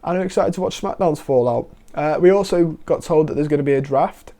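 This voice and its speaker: A man giving a casual, animated wrestling review as host, quoting wrestlers in quick asides. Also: a little high.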